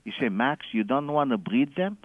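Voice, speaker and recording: Over a dull-sounding phone line on the radio, a man with a mid-range, sing-song voice and a breathy edge speaks at a moderate pace with no echo. He calls in with a lengthy, animated story, chuckling often and imitating those he quotes.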